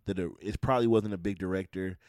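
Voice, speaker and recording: A man with a very low voice co-hosts a casual podcast about films. He rambles, swears freely and stalls while he hunts for names. The room sounds dry and close. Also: fairly even intonation, fast, a little mellow, dry recording. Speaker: podcast co-host. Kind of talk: casual movie chat.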